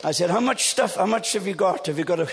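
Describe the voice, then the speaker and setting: A man in his seventies preaching a humorous, animated storytelling sermon on stage. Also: high voice, fast talker, long reverb tail. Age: 70s.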